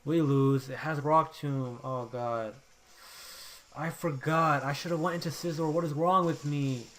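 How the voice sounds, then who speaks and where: A young man giving live commentary over his own game, swinging between quiet muttering and loud outbursts. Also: fairly high pitch, fairly even intonation, unhurried. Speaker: gameplay commentator.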